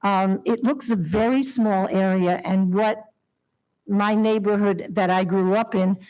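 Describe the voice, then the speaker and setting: An older woman from Long Island stands at a podium microphone in a town hall and pleads with the board. Her delivery is heartfelt and emotional, broken by nervous little laughs, in a voice of middling pitch. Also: steady tone, measured pace, a little mellow. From Long Island, New York. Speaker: resident speaking at public hearing. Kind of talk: public comment at town meeting. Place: town hall meeting room.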